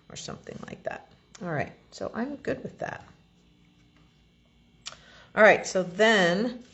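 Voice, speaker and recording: A woman demonstrating card making, explaining each step in a relaxed, chatty way as she works. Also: on the low side, muffled recording. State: has the hiccups. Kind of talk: crafting tutorial.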